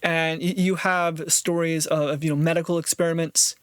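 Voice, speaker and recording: A man's voice: a little high, little pitch movement, normal speed, clean tone, no room sound. A man talking in a casual monologue, rambling and thinking aloud with frequent restarts, sometimes acting out other people's voices. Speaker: vlogger.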